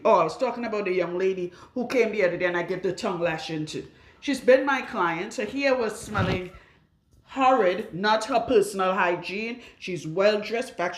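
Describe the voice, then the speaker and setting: A woman loctician talking bluntly and emphatically to camera while working on a client in her salon. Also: mid-range voice. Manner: blunt and outspoken; emphatic, with rhetorical questions. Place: her salon room with a radiator. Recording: roomy echo.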